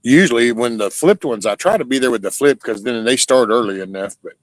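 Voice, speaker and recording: A man with an expressive, mid-range voice hosts a livestream, rambling in casual chat with his audience. He swears a lot and keeps halting and restarting sentences; there's no echo, though the recording quality is low.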